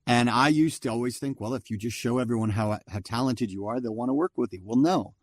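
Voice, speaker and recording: A man's voice: mid-range voice, fast, no echo, clean studio sound. A man in his fifties, a voice actor guest, telling stories in a casual chat and acting out other people's lines as he goes. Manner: chatty, acts out others' lines as he recounts. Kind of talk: casual storytelling interview.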